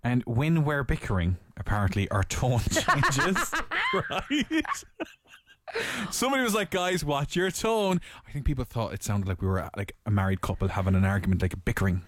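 Excitable Irish radio host man. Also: fairly low pitch, moderate pace. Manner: excitable, laughing banter. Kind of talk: casual chat.

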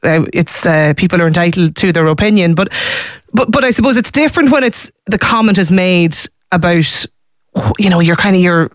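A woman with a Donegal accent hosting a radio discussion, talking with hesitant restarts and quick asides. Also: fairly low pitch, expressive, dry recording, clean studio sound. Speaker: radio show host.

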